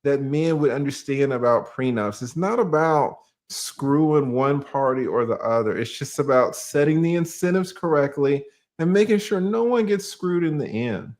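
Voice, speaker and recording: A man's voice: a little high, lively intonation, moderate pace, a little mellow. A man with a Southern accent from Georgia, an attorney guest in a casual livestream chat, laid-back and asking rhetorical questions.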